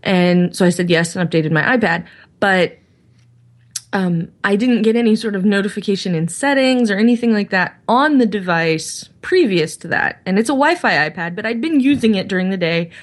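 A woman's voice: medium pitch, expressive, normal speed. A woman co-hosting a casual tech podcast, chatty as she explains things step by step. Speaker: podcast co-host.

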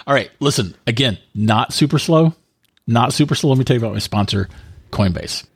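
A man's voice: mid-range voice, animated, a little fast, breathy edge, no room sound. A man hosting a podcast, chatting casually with a joking, teasing manner and reading his own sponsor spots. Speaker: podcast host.

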